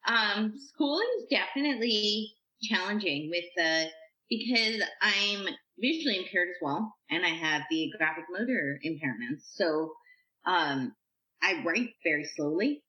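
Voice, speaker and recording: A woman guest on a podcast, telling stories from her life in a chatty, animated way, acting out what people said. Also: fairly low pitch, a little slow. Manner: chatty, animated, uses "like" a lot and acts out quotes. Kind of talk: casual storytelling interview. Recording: echoey room, slightly dull sound.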